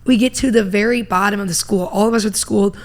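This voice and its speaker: A woman's voice: medium pitch, quick pace. A young woman from Indiana, a comedian telling stories in casual chat and acting out the people in them. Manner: animated storytelling with acted-out quotes. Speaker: comedian guest.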